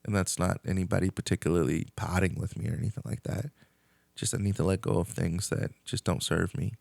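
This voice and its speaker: A man's voice: sits low, steady tone, a little fast, gravelly, a little mellow, no echo. A man hosting a podcast, talking in a rambling, candid casual monologue and swearing freely. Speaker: podcast host.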